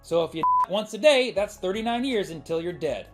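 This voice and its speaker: A man performing stand-up, delivering statistics deadpan before punchlines. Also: high-pitched, moderate pace, over loud music. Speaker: stand-up comedian. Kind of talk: stand-up comedy set.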